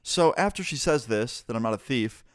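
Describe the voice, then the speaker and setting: A young man tells a story in an animated, casual way and swears freely as he goes. His voice is smooth and clear at a medium pitch. It is recorded close and dry. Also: normal speed, dry recording. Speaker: vlogger.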